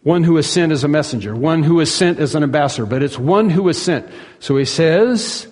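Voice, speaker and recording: A man preaching a sermon, emphatic, rising to loud peaks and dropping to hushed asides. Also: fairly high pitch, lively intonation, brisk, long reverb tail. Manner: emphatic, swings between soaring and hushed. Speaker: pastor.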